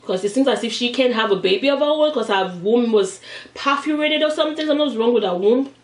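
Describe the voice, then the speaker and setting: A woman's voice: on the high side, fast. A young Nigerian woman vlogger with a Nigerian accent, retelling a story animatedly as she eats. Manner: animated, dramatic retelling, acts out voices. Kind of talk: storytime chat while eating. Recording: roomy, mic at a distance.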